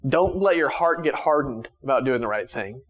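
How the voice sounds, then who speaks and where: A man preaching a sermon to his church in a conversational way, with many restarts, swinging from raised emphatic lines to quiet, soft ones. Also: medium pitch, animated, moderate pace. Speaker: pastor.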